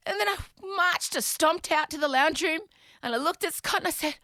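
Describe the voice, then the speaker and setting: A woman, hosting a podcast and retelling a story in an animated, dramatic way with some swearing. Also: sits high, brisk, no room sound, studio quality. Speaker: podcast host. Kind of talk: comedic storytelling.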